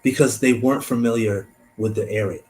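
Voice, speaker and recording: Casual low-voiced man reading a case. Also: fairly quick, darkish tone, rough recording. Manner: thinks aloud, trailing off and restarting. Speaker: host.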